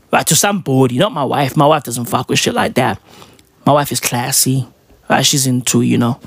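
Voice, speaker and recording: A man's voice: medium pitch, no echo. A young man ranting in a brash, profane, slangy stand-up comedy style.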